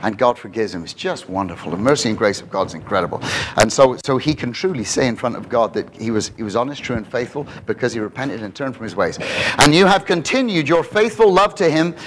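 A man preaching a lively expository sermon to a congregation, often asking them questions. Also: mid-range voice, a little fast, slight background noise, low-quality recording.

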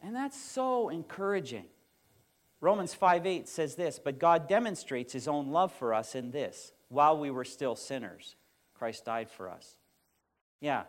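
Middle-aged guy preaching, casual and chatty, lots of uh and restarts. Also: medium pitch. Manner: conversational, with fillers and restarts. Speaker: pastor. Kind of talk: sermon.

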